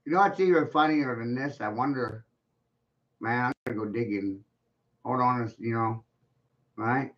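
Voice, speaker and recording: A man's voice: mid-range voice, normal speed, pauses often, a bit bright. Profane mocking man ranting, lo-fi. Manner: mocking, swearing, laughs at his own points. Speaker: video blogger. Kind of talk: profane rant to the camera. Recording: dull lo-fi sound.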